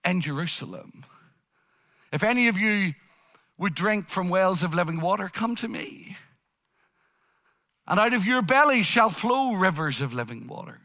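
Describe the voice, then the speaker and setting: Preaching a sermon, a man with a high-sitting, pushed, bright voice speaks in an impassioned style, building through repeated phrases in a repetitive preaching cadence.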